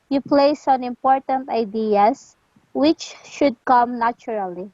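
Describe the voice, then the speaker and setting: A woman learning English reads a lesson text aloud, careful and slow, stumbling now and then. Her voice is high and unhurried. The recording is dull and dry. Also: dark tone, no echo.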